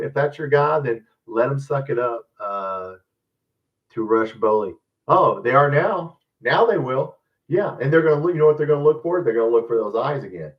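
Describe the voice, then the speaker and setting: A man's voice: medium pitch, far from the mic, muffled recording. A man hosting a live fan stream, ranting bluntly and rambling about football, often calling his viewers guys. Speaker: fan channel host. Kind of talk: live-stream sports commentary, casual rant.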